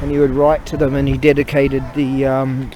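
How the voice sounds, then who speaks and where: A man retelling a story while out on a cold walk, halting and swearing as he loses his train of thought. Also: mid-range voice, monotone, poor audio. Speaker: vlogger. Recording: loud wind noise on outdoor mic.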